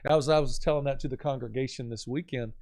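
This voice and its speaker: A man who is a pastor, talking about faith in an earnest, animated storytelling way with a preaching cadence. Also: mid-range voice, fast talker. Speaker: pastor, podcast guest.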